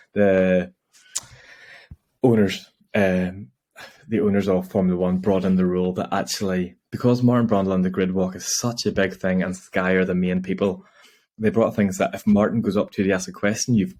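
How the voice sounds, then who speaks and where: Low-voiced rambling man. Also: darkish tone. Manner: rambling, laughs often, acts out quotes. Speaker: podcast co-host. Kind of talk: casual chat about motor racing.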